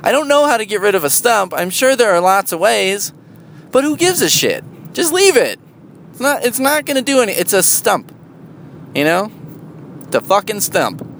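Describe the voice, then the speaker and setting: A man in a casual, rambling monologue, sardonic and full of swearing, jumping into a high, loud voice for emphasis. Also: slight background noise.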